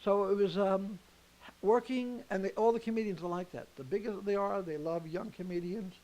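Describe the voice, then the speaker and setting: A man's voice: high voice, normal speed, dark tone, rough recording. An older man, a comedian and the show's host, telling rambling anecdotes in a backstage interview at a theater.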